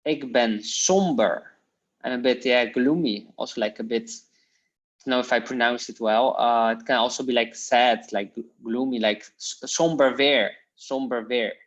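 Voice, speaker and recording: Male teacher, unhurried and mid-pitched, repeating phrases for a class on a dull lo-fi recording. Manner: slow, repeats Dutch phrases for learners, hesitant fillers. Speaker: language teacher. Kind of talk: informal language lesson.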